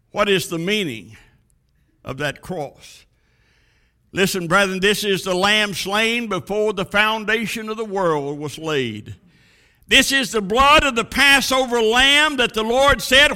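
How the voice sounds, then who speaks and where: A man preaching a sermon with a dramatic cadence, rising to booming lines and dropping to a hush. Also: animated, slow.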